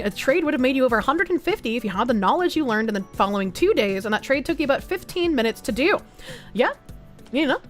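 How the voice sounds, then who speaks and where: High-pitched girl streamer, swings all over, cusses a lot, little music under her voice. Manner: lively, swears casually, gasps and sings snippets. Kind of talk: casual livestream chat reading donations.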